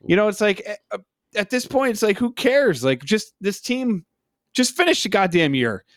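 A man's voice: high voice, expressive, moderate pace, fairly bright tone, no echo, studio quality. A man co-hosting a casual hockey podcast, exasperated and sarcastic as he vents about his team. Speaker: podcast co-host. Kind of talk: casual hockey fan chat.

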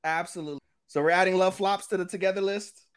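A podcast co-host in loose, casual chat, recapping an anime plot in a crude, profane, rambling way. The voice sits at a middling pitch, neither high nor low. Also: steady tone, fast talker, clean tone.

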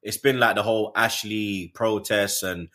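A man with a bright, forward voice hosts a casual football talk show. He talks in an animated, slang-heavy way and swears freely. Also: lowish voice, moderate pace. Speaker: host.

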